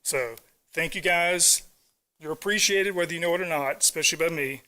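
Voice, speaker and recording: A middle-aged man speaks at a county council podium, earnest and halting. His voice is bright and forceful and sits a touch high, and he stumbles over his words as he holds back emotion. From Virginia Beach area, US. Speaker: public commenter. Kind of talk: public comment at a council meeting.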